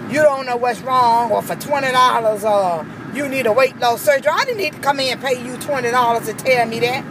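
A woman's voice: fairly high pitch, noisy background. A woman ranting angrily on her vlog, repeating herself with heated emphasis. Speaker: vlogger. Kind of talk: angry personal rant.

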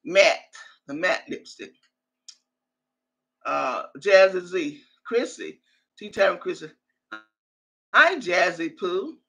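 A woman's voice: lowish voice, gravelly, a bit bright, husky. An older woman hosting a live stream, reading viewer comments and then launching into an angry, profane rant. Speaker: livestream host. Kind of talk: live reaction stream, reading chat and ranting.

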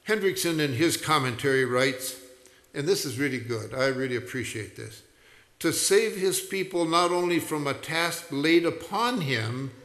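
A male pastor preaching with a bright, forceful voice at a slow, deliberate pace. He explains scripture like a teacher and builds to emphatic, raised peaks. The sound rings with the long reverb of a large church sanctuary. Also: on the high side. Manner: teacherly, explains verb tenses to the congregation. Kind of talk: sermon.

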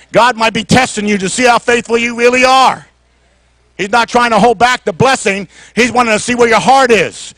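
A middle-aged man preaching a sermon in church, with call-and-response that swings from soft talk to shouting. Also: high voice, no room sound. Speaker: pastor.

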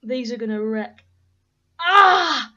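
A teenage boy giving excitable gaming commentary, yelping and swearing freely as he plays. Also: very high-pitched, brisk, muffled recording. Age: teens. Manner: excitable, loud, swears a lot, yelps in pain. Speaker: gaming YouTuber.

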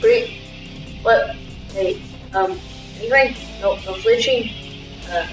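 A woman commenting on a video game as she plays, excitable, yelping and shouting at what happens on screen. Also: medium pitch, slow pace. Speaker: gamer. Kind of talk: let's play commentary. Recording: echoey room, far from mic. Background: loud game music.

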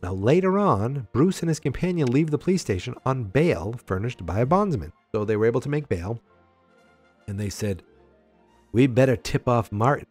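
Animated man recapping a comic. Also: mid-range voice, moderate pace, husky, faint music behind. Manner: animated, acts out character lines with voices, asides and fillers. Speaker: podcast host. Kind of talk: casual comic book recap.

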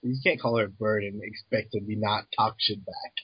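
A man's voice: on the low side, fairly even intonation, normal speed, no room sound. A man co-hosting a podcast, cutting in with crude, blunt heckles. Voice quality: very husky. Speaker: podcast co-host. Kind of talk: casual banter. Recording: dull lo-fi dry audio.

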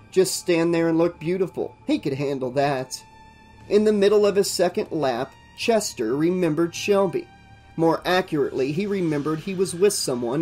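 A channel host reading a horror novel aloud in steady audiobook narration. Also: mid-range voice. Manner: steady storytelling read.

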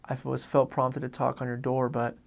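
A young man, a former missionary, telling a personal story in a halting way, repeating words and filling pauses. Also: mid-range voice, monotone, vocal fry.

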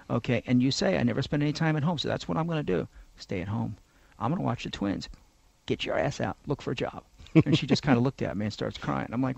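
A man's voice: medium pitch, fast, vocal fry, no room sound. A man hosting a talk radio show in a studio, chatting casually and telling rambling, joking stories. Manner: rambling, joking, animated storyteller.

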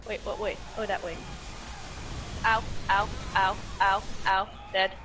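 A woman's voice: mid-range voice, fairly even intonation, slow, fairly bright tone, a little hiss or hum. A woman playing a co-op game on a stream, chatting in a playful, giggly, silly way. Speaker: co-op gaming partner. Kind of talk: casual live gaming chat.

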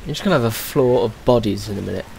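A man's voice: medium pitch, racing, vocal fry, darkish tone, slight background noise. A young man from England giving casual commentary while playing a game, muttering wry asides and swearing. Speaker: gaming streamer.

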